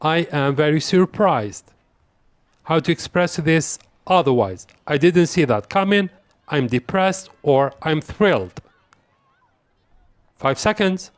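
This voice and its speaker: Male English tutor running a quiz lesson: unhurried, repeats examples, fairly high-pitched. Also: expressive, dry recording. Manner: slow, deliberate, repeats example phrases. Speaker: English teacher. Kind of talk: quiz-style language lesson.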